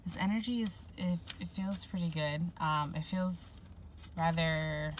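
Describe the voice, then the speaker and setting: A woman's voice: lowish voice, unhurried, slight background noise. A woman giving a casual spoken tarot reading, rambling and giggly, full of fillers. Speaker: tarot reader.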